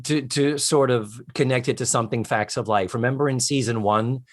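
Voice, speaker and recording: A man co-hosting a podcast in casual chat, animatedly retelling comedy scenes and quoting lines. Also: medium pitch. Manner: animated retelling of scenes with quick quoted voices. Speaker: podcast co-host.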